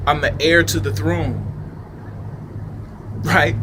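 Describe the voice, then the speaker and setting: A man's voice: a little high, steady tone, slow, long pauses, noisy background. A man giving rambling, emphatic off-the-cuff commentary outdoors, with a preachy tone and rhetorical questions. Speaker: video commentator. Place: outdoors in a city park.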